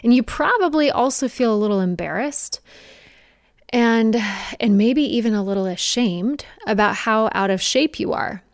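A young woman fitness coach talking straight to her viewers in an energetic, conversational way, with playful mocking asides. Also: a little high, normal speed, dry recording, studio quality. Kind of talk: direct-to-camera coaching talk.

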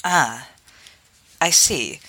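A woman's voice: sits low, lively intonation, very slow, sharp tone, breathy edge, no echo. A woman playing a tabletop game in character, giggly and hesitant. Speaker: player.

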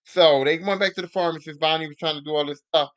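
A man's voice: a little high, fairly even intonation, quick pace, a bit bright, muffled recording. A male podcast host giving a casual, profane, rambling recap of a TV show.

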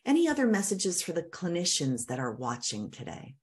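A woman interviewer with a notably low voice. She speaks in a measured, affirming way as she reflects back on what her guest has said and asks a question. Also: wildly swooping pitch.

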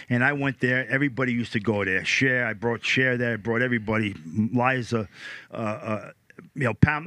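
A man's voice: mid-range voice, bright, forceful tone, no echo. An older man from the United States, a podcast guest telling casual stories in a rambling way, full of repeated words and quoted dialogue. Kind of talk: casual storytelling.

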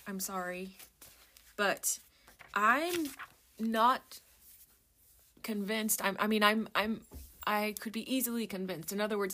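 A woman's voice: medium pitch, pushed and bright. A woman vlogger in casual chat, rambling and interrupting herself as she browses a book and reads lists aloud in a musing murmur. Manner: rambling, self-interrupting, chatty.

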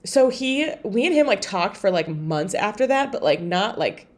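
A woman's voice: mid-range voice, lively intonation, moderate pace, darkish tone. A young woman co-hosting a podcast, telling stories in casual chat full of fillers. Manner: chatty storyteller, lots of "like". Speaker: podcast co-host.

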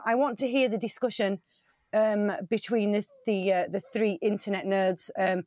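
A woman's voice: medium pitch, no room sound. Woman hosting improv comedy, upbeat, lots of ums, dry close mic. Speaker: improv show host.

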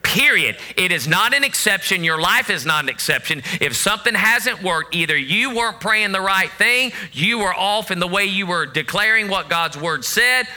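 A man's voice: sits high, sharp tone. A man preaching a sermon, emphatic and fond of repeating phrases, sometimes acting out voices. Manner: acts out voices of God and of begging believers.

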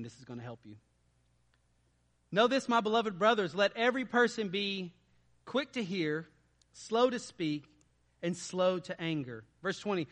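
A man preaches to his congregation in a lively, animated way. His voice sits high for a man and rings bright and forceful. He keeps turning to his listeners with rhetorical questions. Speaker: pastor. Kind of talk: sermon.

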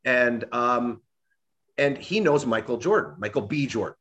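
Animated ranting man, lively voice. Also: mid-range voice, unhurried. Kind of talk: casual chat.

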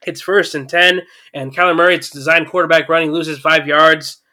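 A man giving a casual, chatty recap of a football game, getting excited at big plays and using lots of fillers. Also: a little high, normal speed. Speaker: sports commentator.

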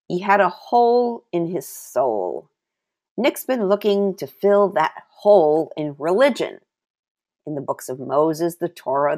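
A woman giving a devotional Bible teaching, mixing scripture reading with her own testimony and repeating key phrases for emphasis. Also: sits low.

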